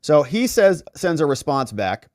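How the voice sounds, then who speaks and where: Lively, slightly high-voiced male commentator. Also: a little slow, dry recording, studio quality. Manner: thinking aloud, conversational, with fillers. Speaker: legal commentary host. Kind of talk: casual commentary reading out text messages.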